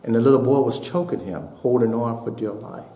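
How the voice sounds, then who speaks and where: A man preaching a sermon as pastor, building to shouted peaks and dropping to a hushed voice for a story. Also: medium pitch, brisk, gravelly, echoey room. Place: church sanctuary.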